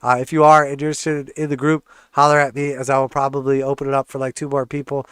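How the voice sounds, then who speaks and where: A man's voice: medium pitch, flat delivery, fast talker, fairly bright tone, clean tone, dry recording, studio quality. A man with a congested, stuffed-up voice hosting a live trading stream, walking through charts in a casual, joking way. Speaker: trading channel host.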